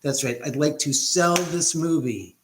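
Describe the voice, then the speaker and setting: A man's voice: fairly high pitch, unhurried, a little hiss or hum. Rambling man chatting live from home. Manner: rambling, greets viewers by name, restarts sentences. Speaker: livestream host. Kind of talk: casual live chat. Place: his house, indoors. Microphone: laptop mic.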